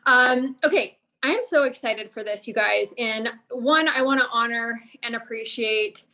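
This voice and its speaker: A woman giving an energetic motivational talk to a sales team, coaching and upbeat and a bit out of breath. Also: on the high side. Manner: upbeat, coaching, repeats "okay?". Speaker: guest speaker on a sales team call.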